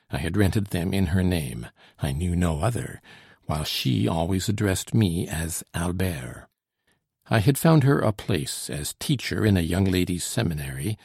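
A man reading a first-person story aloud in a measured, earnest manner. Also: sits low, gravelly, a little mellow, slightly rough, no echo, clean studio sound. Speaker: audiobook narrator. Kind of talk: scripted narration.

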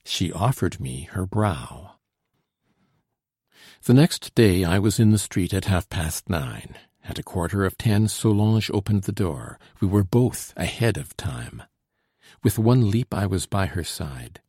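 A man narrating a classic novel in a measured, old-fashioned storytelling manner. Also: sits low, sing-song, warm tone, breathy edge, no echo, clean studio sound. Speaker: audiobook narrator.

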